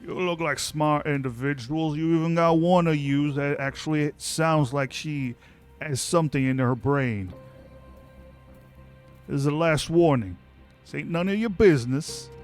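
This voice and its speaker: A man voicing a rough male bandit boss who makes gruff, slangy threats. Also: a little high, unhurried, soft background music, natural voice. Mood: threatening.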